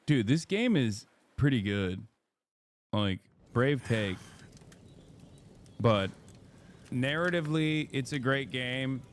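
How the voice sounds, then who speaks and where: A man's voice: mid-range voice, animated, slow pace, pauses often. A man hosting a live stream, giving casual gameplay commentary full of irreverent jokes aimed at his chat. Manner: joking, irreverent banter with chat. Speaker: streamer host.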